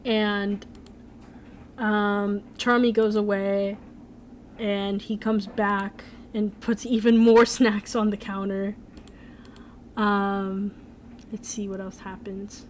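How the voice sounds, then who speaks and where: A woman's voice: medium pitch, flat delivery, slow, pauses often, slight background noise. Rambling young woman streamer. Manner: rambling, full of "like" and "um". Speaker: streamer, animator. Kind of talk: casual live-stream chat.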